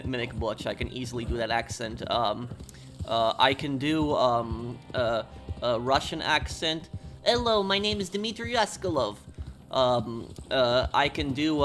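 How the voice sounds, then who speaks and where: An American man streaming casually, rambling with many halting pauses and reading chat comments aloud. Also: medium pitch, a bit bright. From United States. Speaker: game streamer.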